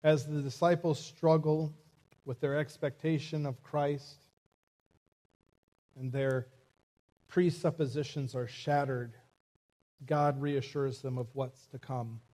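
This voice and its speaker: A male pastor delivering a sermon, taking his time over every phrase. His voice sits a little high for a man, and he speaks in a slow, deliberate cadence. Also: steady tone, dark tone. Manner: preaching with rising intensity, measured pacing.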